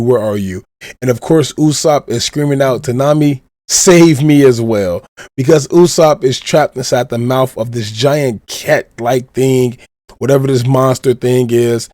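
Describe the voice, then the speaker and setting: A man hosting a podcast, giving an animated, casual retelling and leaning on the same stock phrases. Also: mid-range voice, dry recording, studio quality. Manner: animated retelling, leans on "of course". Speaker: podcast host. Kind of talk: casual recap of a manga chapter.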